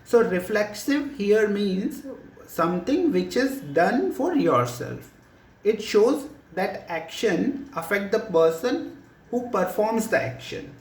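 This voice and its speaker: A teacher giving a recorded grammar lesson, explaining slowly and deliberately with many examples. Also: medium pitch, very animated. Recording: echoey room.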